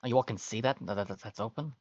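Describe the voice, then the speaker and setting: A man narrating as game master of a tabletop game, relaxed and halting, with fillers between phrases. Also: mid-range voice, dry recording, highs cut off.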